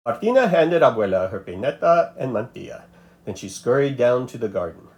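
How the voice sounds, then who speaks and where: A man narrating a children's storybook aloud with a playful, expressive delivery. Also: mid-range voice, fairly quick.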